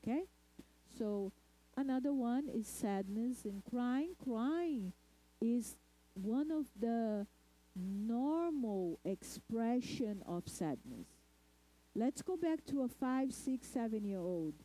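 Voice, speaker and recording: A woman giving a lecture talk at a spiritist center, speaking deliberately and checking in with the audience. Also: a little high, animated, warm tone, rough recording. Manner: deliberate, asks the audience "okay?" often.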